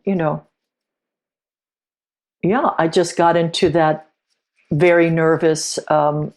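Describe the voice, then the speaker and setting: Low-voiced middle-aged woman telling a story. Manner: reflective, halting, with frequent restarts. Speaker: podcast guest. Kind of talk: personal storytelling in an interview.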